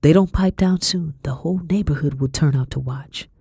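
A woman doing a hushed, folksy colonial servant. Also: low voice, normal speed, husky, no echo, clean studio sound, heavily acted. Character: plainspoken colonial servant woman, wry and worldly.

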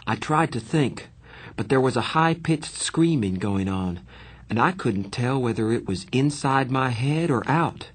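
A man narrating a first-person story in measured, plain storytelling. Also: medium pitch, lively intonation, husky. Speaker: audiobook narrator.

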